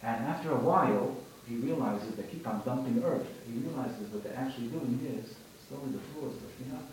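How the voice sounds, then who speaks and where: A man's voice: medium pitch, brisk, darkish tone, a little hiss or hum. A man teaching a conversational religious class to students, telling parables and often repeating and restarting his phrases. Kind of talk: informal religious lesson with storytelling. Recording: very echoey room, mic far off.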